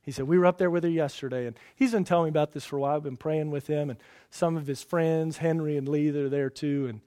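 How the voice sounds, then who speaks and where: A middle-aged man delivers a sermon from the pulpit in a fairly high voice. He preaches in a folksy, storytelling way, rising to loud emphatic lists and then dropping to quiet, personal asides. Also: steady tone, fast. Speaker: pastor.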